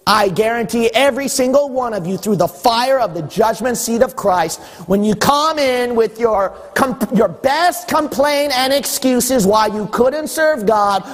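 A man preaching a sermon as pastor, animated, acting out exchanges with God. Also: very high-pitched. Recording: echoey hall with long reverb.

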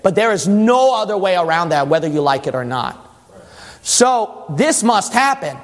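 High-voiced preacher in a reverberant hall. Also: male voice, sing-song, moderate pace. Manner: emphatic, asks the congregation questions. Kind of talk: sermon. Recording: long church reverb.

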